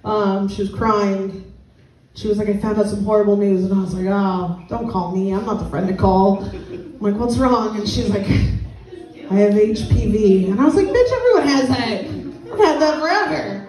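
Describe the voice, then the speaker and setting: A young woman performing a stand-up comedy set with crowd work, blunt and crude in a deadpan way. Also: mid-range voice, moderate pace. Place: small comedy venue with a live audience. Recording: echoey room, mic at a distance, audience laughter. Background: crowd laughing.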